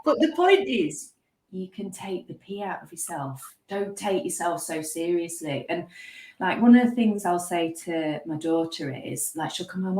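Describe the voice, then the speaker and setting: A woman, a guest, chatting casually and telling stories with lively, self-mocking humour. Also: fairly low pitch, normal speed, reverberant. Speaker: guest speaker. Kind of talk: casual conversational chat.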